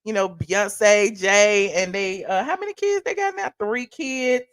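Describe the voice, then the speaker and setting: A woman hosting a casual live-stream commentary, animated and excitable, chatting with her viewers in asides. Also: mid-range voice, a little slow, dry recording, clean studio sound. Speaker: commentary channel host.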